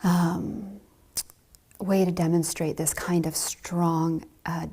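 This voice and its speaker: A woman giving a dharma talk as a Zen teacher, speaking softly and gently with light laughs. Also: lowish voice, level tone, slow pace, husky.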